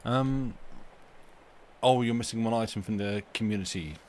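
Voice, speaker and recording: A fairly low-pitched man chatting casually with his live-stream viewers from home. He rambles and interrupts himself as he goes. A faint hum sits underneath the recording. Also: moderate pace. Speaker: livestream host reading stories aloud.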